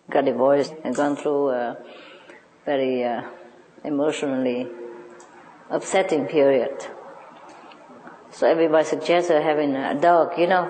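A woman's voice: deep voice, warm tone, a little hiss or hum. A woman telling a humorous story to an audience in an echoey hall, laughing often.

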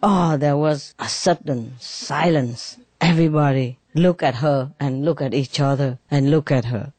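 A woman's voice: low voice, measured pace, a little mellow, husky, no room sound. A woman telling a comic story, acting out the characters' voices and laughing along. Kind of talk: telling a joke with acted voices.

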